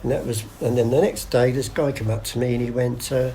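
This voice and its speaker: A man's voice: medium pitch, fairly even intonation, a little fast, hardly any pauses, dark tone, slight background noise. Older man spinning yarns. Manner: chatty yarn-spinner acting out voices, many restarts. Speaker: guest storyteller. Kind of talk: casual anecdotal interview.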